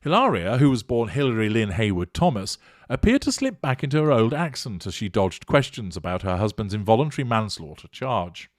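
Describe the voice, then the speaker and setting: Male commentator: low, animated delivery, dry close recording, measured and emphatic. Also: no room sound. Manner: measured, emphatic, formal wording. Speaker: commentator on narcissism. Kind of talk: monologue commentary reading from an article.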